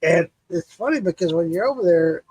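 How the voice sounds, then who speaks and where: A man's voice: on the high side, animated, a little fast, a little mellow, a little hiss or hum, low-quality recording. A man hosting a casual livestream chat, laid-back and joking, cursing freely. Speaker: livestream host.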